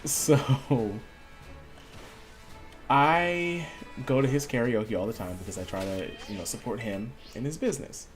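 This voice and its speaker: A man's voice: medium pitch, unhurried, pauses often, faint music behind. A man streaming a video game, chatting casually and acting out the voices of people in his story. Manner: animated storyteller, acts out quoted voices. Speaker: gaming streamer. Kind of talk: casual storytelling while gaming.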